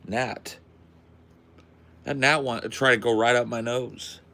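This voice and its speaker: A male podcast host chatting casually, crude and joking, with an animated delivery. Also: medium pitch, takes it slowly, gravelly, slight background noise.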